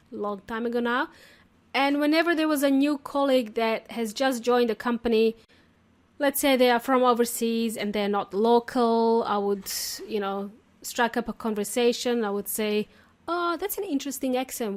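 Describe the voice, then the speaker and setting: A woman's voice: on the high side, fairly even intonation, moderate pace. A woman hosting a casual English lesson podcast, chatty and talkative, laughing often as she explains. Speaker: podcast host and English teacher. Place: lives in Australia.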